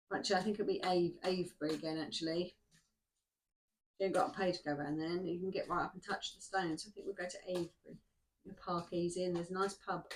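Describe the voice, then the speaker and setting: A woman's voice: fairly low pitch, a little hiss or hum. A middle-aged woman in a summer house, rambling casually to herself as she reads oracle cards. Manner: chatty, rambling, talks to herself while shuffling cards. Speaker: tarot card reader. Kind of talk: casual oracle card reading.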